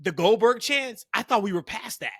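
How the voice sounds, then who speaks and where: A man's voice: high voice, expressive, normal speed, a bit bright, husky, no room sound, studio quality. A man hosting a podcast, chatty and upbeat, often laughing as he talks. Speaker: podcast host. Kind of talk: casual podcast chat.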